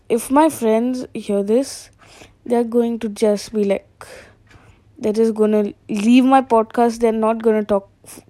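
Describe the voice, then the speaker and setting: A young woman from India records a rambling solo monologue as a phone voice memo late at night. Her voice sits fairly high, and the sound is dry and close with no room around it. She jumps from topic to topic and keeps poking fun at herself. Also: mellow, no room sound. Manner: self-deprecating, chatty, jumps between topics. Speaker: solo podcaster.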